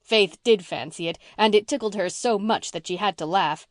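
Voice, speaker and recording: A woman narrating an old novel in a steady storytelling way. Her voice sits at a middle pitch, recorded close and dry with no room echo. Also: normal speed. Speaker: audiobook narrator. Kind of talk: scripted narration.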